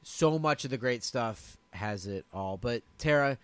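A man co-hosting a casual film podcast, enthusiastic and blunt, with quick asides. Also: mid-range voice, expressive, a bit bright, smooth. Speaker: podcast co-host.

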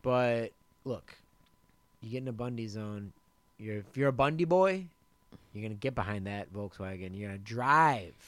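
A man's voice: on the low side, expressive, moderate pace, fairly bright tone, no echo. A man co-hosting a podcast, chatting casually and animatedly about films, repeating words as he gets going. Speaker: podcast co-host. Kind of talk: casual film chat.

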